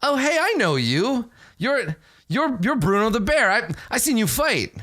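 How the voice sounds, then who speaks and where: A man's voice: medium pitch, sing-song, fairly quick, a bit bright. A man voicing an eager male bar patron who is a starstruck boxing fan, stumbling over his words.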